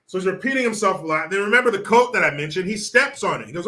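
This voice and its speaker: A man giving sarcastic political commentary in an animated, mocking way. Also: high-pitched, fast. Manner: sarcastic, animated, laughs often.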